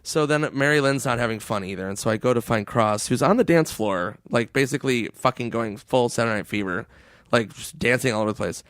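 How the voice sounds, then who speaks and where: A man telling stories in casual chat, laughing as he goes and jumping into a high put-on voice to quote people. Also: a little fast, fairly bright tone, no echo. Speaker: comedian guest. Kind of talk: casual storytelling.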